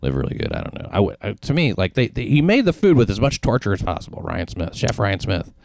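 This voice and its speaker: Low-voiced man hosting a comedy podcast. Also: big pitch swings, quick pace, vocal fry, darkish tone, no echo, studio quality. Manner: joking, blunt and profane. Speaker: podcast host. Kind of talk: casual comedy podcast chat.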